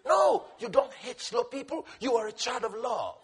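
A man preaching a sermon, impassioned and repetitive, swinging between shouting and hushed tones. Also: extremely high pitch, animated, a little fast, hardly any pauses, slightly rough.

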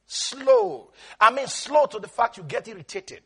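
A man with a very high, bright and somewhat husky voice delivers a sermon as a pastor. His pitch swings widely as he drags words out for emphasis and then bursts into shouts. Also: expressive, brisk.

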